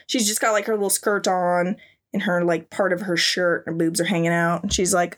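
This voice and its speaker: A woman's voice: fairly low pitch, level tone, normal speed. A young woman hosting a podcast, giving a crude, sarcastic and giggly recap of a cartoon. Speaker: podcast host. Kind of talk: casual comedic recap.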